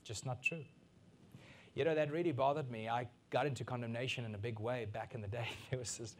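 A middle-aged man from Africa preaching a sermon as pastor, swinging between soft asides and loud, emphatic peaks. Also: mid-range voice, fairly even intonation, a little fast, background noise.

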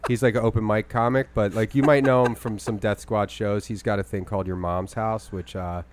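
A young man co-hosting a podcast, chatting casually in a rambling, animated way. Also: a little fast, noisy background. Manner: rambling, animated, mimics his grandma in a high voice. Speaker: podcast co-host and stand-up comic.

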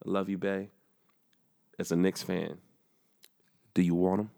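A man's voice: sits low, a little slow, vocal fry. A man co-hosting a podcast, talking in a casual, joking way and laughing often. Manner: animated, laughs a lot, slips into joking impressions. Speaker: podcast co-host. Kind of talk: casual chat.

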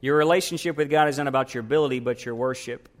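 A man's voice: medium pitch, very fast. A man, a pastor, preaching a sermon and asking his congregation questions.

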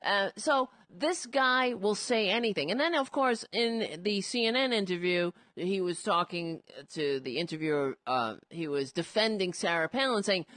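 A woman's voice: mid-range voice, expressive, a little slow, few pauses, a bit bright, no room sound. A woman giving casual political commentary, indignant and sarcastic, rambling with frequent restarts. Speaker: commentary host.

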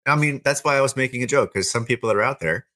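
A man's voice: mid-range voice, racing, pushed and bright. A man co-hosting a casual Christian end-times chat, rambling and restarting his sentences. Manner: rambling, with many restarts and fillers.

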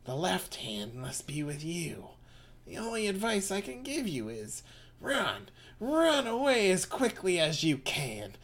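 A man's voice: high-pitched, wildly swooping pitch, measured pace, a bit bright, pitched above the performer's own voice, exaggerated voice. A man voicing an elderly female psychic in a theatrical witch voice. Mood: ominous.

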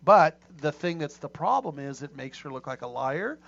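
A middle-aged man hosts a casual talk show in a slightly high voice, rambling and restarting his sentences. The audio is dull and lo-fi. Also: big pitch swings, moderate pace, creaky, a bit bright. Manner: rambling, many restarts and fillers. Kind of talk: casual chat.

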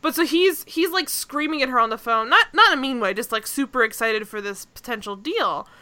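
A woman's voice: sits high, brisk, pushed and bright. A woman podcast host chatting casually about a TV episode, rambling with lots of fillers and asides. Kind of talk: casual TV recap chat.

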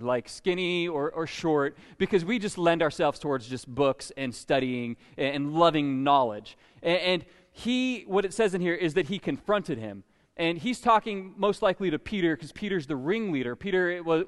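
A man preaching a sermon, animated and full of stammering restarts, recorded in a church sanctuary. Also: high-pitched. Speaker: pastor. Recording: long church hall reverb.

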